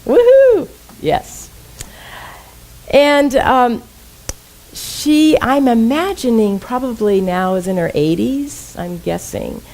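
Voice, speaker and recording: A woman's voice: fairly high pitch, takes it slowly, pauses often, darkish tone, low-quality recording. A woman minister giving a conversational sermon to her congregation, often asking them questions. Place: church sanctuary.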